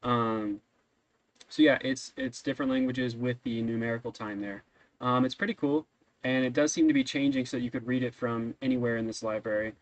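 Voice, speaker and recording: A man's voice: mid-range voice, fairly even intonation, a little fast, dry recording, highs cut off. A man narrating a tabletop game as game master, talking casually with frequent ums and restarts. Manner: casual, rambling, many ums.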